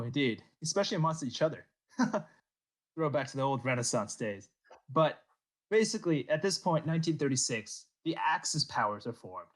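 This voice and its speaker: A man hosting a casual history podcast, telling the story with jokes and laughing along. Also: mid-range voice. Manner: lively storytelling with comic character voices and laughs. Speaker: podcast host narrating history.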